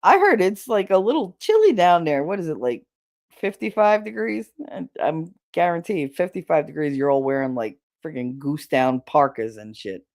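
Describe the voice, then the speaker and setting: This is a woman hosting a relaxed livestream and chatting straight to her viewers. Her voice moves freely from high to low, with frequent laughter and casual swearing. The talk stays loose and conversational throughout. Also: moderate pace. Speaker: livestream host.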